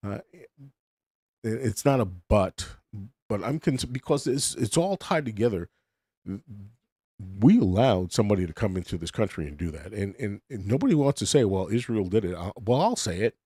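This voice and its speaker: Low, mellow man ranting bluntly. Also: no echo, studio quality. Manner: blunt, rambling, many restarts, swearing. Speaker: podcast host. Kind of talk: casual ranting monologue.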